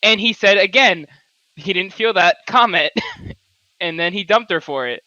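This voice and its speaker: A man's voice: high-pitched, lively intonation, measured pace, bright, forceful tone, no room sound, lo-fi sound. A young man co-hosting a podcast, telling a story in a casual chat and laughing often as he talks. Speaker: podcast co-host.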